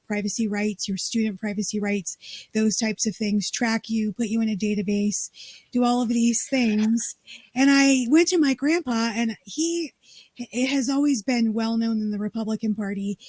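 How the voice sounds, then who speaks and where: A woman's voice: a little high, a little mellow, dry recording. A woman from Colorado, a state party chair, telling her story in a casual interview and acting out the dialogue.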